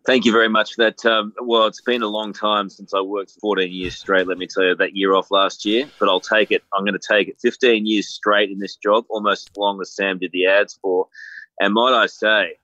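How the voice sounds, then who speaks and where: A man's voice: on the low side, fairly even intonation, moderate pace, bright, forceful tone, no room sound, muffled recording. A middle-aged Australian man, a TV presenter guest, chatting in a joking, self-deprecating way. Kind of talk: casual chat on a phone line.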